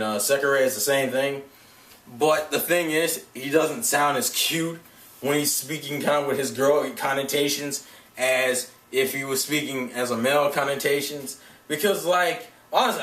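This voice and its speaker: A man's voice: on the high side, fairly bright tone. Rambling young man in an echoey room. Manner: rambling, profane, many fillers and restarts. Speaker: anime vlogger. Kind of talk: casual rambling vlog. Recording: echoey room, mic at a distance.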